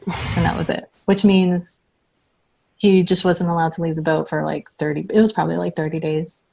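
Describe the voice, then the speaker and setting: A woman from the United States with a slightly low voice recounts a personal experience as an interview guest. She talks haltingly, leaning on "like" and starting her sentences over as she goes. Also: little pitch movement, gravelly, a little mellow. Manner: halting, full of "like" and restarts. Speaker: interviewee sharing her story.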